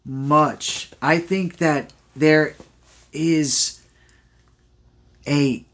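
A man's voice: a little high, fairly even intonation, very slow, fairly bright tone, slight background noise. Man, podcast co-host, eager and rambling, casual film chat. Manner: enthusiastic, rambling with many restarts. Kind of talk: casual movie review chat.

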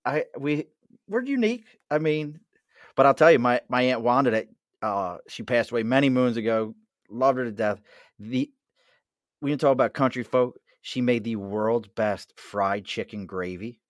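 A man's voice: mid-range voice, moderate pace, no room sound, clean studio sound. Joking Mid-Atlantic man hosting. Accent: Mid-Atlantic American. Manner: jokey, chatty, laughs often. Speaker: host. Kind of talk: casual chat at a bar.

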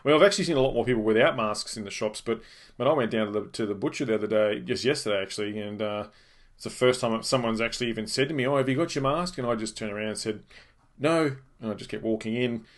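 An Australian man hosting a podcast, chatting casually and telling animated stories with lots of swearing and laughter. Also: on the low side, racing. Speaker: podcast host.

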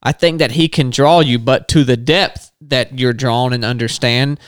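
A man with a smooth, mid-range voice reasons through scripture in a relaxed conversation. He thinks aloud and builds his point step by step. The sound is close and dry. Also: mid-range voice, moderate pace, no room sound. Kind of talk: casual faith discussion.

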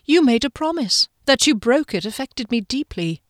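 A woman voicing a calm scheming man. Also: sits high, moderate pace, dry recording, clean studio sound, pitched above the performer's own voice. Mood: reasonable. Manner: smooth, reasonable, unbothered. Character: calm scheming tall male gardener-mastermind. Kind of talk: audiobook character voice.

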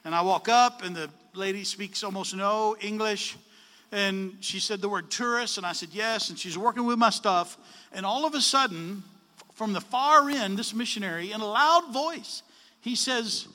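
A man telling a story in a sermon, animated, acting out the dialogue with changes of voice. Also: sits high, moderate pace, in a large hall. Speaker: preacher.

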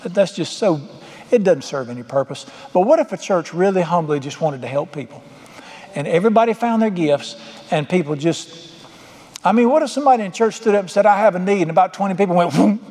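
Folksy preacher in a reverberant hall. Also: male voice, high-pitched, animated, brisk, a little mellow. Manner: folksy, joking storyteller with rural turns of phrase. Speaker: pastor. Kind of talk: sermon. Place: church hall with congregation.

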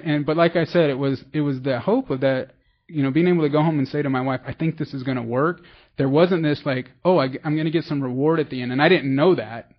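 This muffled recording captures a medium-pitched man from the San Francisco Bay Area speaking at a recovery meeting. He shares his recovery story as a personal testimony, rambling and self-deprecating and restarting many times.

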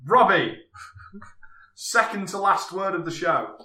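A man hosting a casual comedy podcast, upbeat as he wraps things up. His voice is fairly high and very bright. It is recorded a little off-mic in an echoey room. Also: lively intonation, slow, recorded from a distance. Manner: upbeat, wraps up the show, plugs. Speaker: podcast host.

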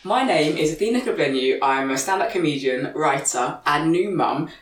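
A woman's voice: deep voice, normal speed, recorded from a distance, over loud music. Woman podcast host, playful chatter, roomy kitchen sound, a little off-mic. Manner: playful, laughs often, lively. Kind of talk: casual chat. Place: home kitchen.

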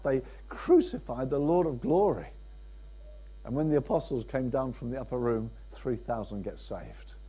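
A man preaching a sermon, swinging from emphatic peaks to quiet, low passages and acting out quoted speakers. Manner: acts out quoted speakers in dialogue.

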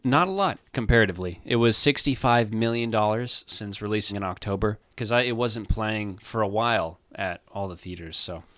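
A man co-hosts a casual movie podcast in a low voice. His remarks are wry and sarcastic as he summarizes films. The recording is dry and close. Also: moderate pace, few pauses, fairly bright tone, no echo. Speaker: podcast co-host. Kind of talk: casual chat.

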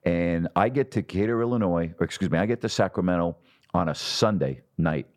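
Middle-aged man, low voice, lively storyteller, sports broadcaster. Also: a little fast. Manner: animated storyteller, acts out quotes. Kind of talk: storytelling in a podcast interview.

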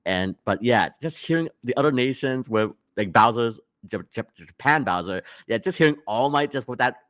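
A man's voice: mid-range voice, animated, moderate pace, a bit bright, dry recording. A young man co-hosting a podcast, rambling with lots of fillers and emphatic complaints. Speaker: podcast co-host. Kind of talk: casual podcast chat.

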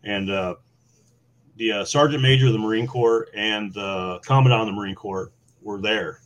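Lowish-voiced man telling war stories. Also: normal speed, a little hiss or hum. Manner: animated, laughing, many fillers. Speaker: podcast guest, former Marine. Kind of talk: casual storytelling.

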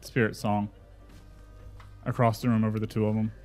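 A man's voice: fairly low pitch, little pitch movement, normal speed, darkish tone, soft background music. A man playing a tabletop game, declaring his character's actions and counting dice aloud. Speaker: player.

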